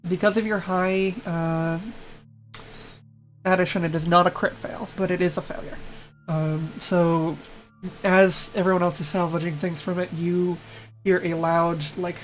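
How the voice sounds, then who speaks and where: Lady game master narrating, lowish voice, soft music in the back. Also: little pitch movement, measured pace. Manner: casual, laughing, with many fillers.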